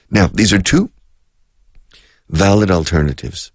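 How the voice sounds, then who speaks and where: A middle-aged man teaching an English lesson on radio, explaining words slowly and switching between English and Spanish. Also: deep voice, lively intonation, dry recording, studio quality.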